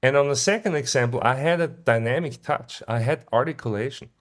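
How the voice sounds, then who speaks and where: A man teaching guitar in a casual video lesson, relaxed and often ending points with a questioning "yeah?". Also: mid-range voice, brisk. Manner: sings short phrases to illustrate ideas.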